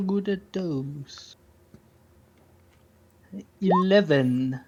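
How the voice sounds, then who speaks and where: A man's voice: fairly high pitch, very slow, darkish tone, lo-fi sound. A man playing a tabletop game, talking casually, joking and swearing. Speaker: player.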